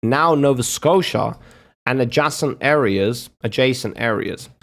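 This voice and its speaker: A man's voice: mid-range voice, expressive, creaky, fairly bright tone. A man streaming casual reaction commentary, swearing and mocking as he talks. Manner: profane, mocking, drawn-out.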